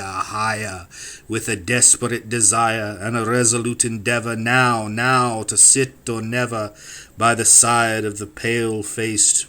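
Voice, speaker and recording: A man's voice: medium pitch, pushed and bright. A man reading classic poems for an audiobook, with a rhythmic, incantatory delivery that sweeps up and down. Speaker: audiobook reader. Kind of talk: dramatic poetry reading.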